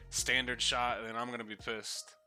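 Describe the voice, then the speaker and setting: Guy streaming a game, swearing and joking around, really bright sharp voice. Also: medium pitch, flat delivery, normal speed, faint music behind. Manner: casual, profane, joking. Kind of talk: live game commentary.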